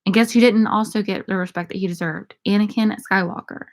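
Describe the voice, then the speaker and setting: Young woman with a gravelly, creaky voice. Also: mid-range voice, steady tone, fairly quick. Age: young adult. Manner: irreverent, profane, laughing banter. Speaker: streamer answering viewer questions. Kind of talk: casual Q&A chat.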